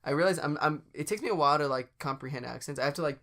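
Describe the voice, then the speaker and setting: A podcast co-host chatting casually, with a medium-pitched voice. The speaker giggles often and speeds up when excited. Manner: giggly, bursts into quick improv voices. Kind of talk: casual chat.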